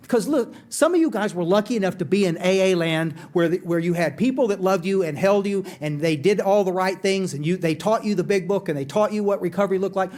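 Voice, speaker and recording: A man's voice: sits high, darkish tone. A middle-aged man, giving a candid, self-deprecating recovery talk to a conference audience. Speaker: AA speaker. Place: conference hall.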